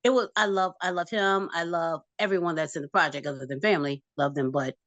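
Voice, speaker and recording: A woman's voice: lowish voice, fairly even intonation, quick pace, no echo, muffled recording. Effusive woman on a video call. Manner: warm, effusive, laughs often. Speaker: filmmaker guest. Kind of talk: casual video call interview. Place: home.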